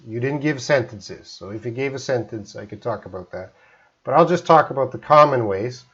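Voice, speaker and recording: A Canadian man teaching English in a live stream, relaxed, explaining slowly with simple examples. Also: medium pitch, lo-fi sound.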